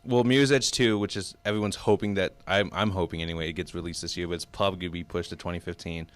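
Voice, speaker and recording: Smooth low-voiced male gaming show host. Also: steady tone, fast talker, no echo. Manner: chatty, enthusiastic, many fillers like "like" and "um". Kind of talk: casual chat.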